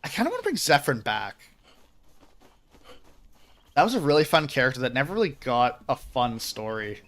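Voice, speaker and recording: A man's voice: medium pitch, very animated, normal speed, a bit bright. A man streaming a game and chatting casually, rambling and self-deprecating, swearing freely. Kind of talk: casual chat.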